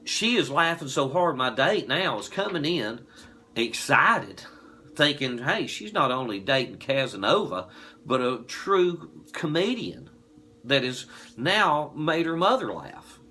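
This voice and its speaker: A man in his forties with a Southern US accent, telling a folksy, animated anecdote. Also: mid-range voice, unhurried, a little hiss or hum. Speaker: distillery promoter. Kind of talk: casual anecdote.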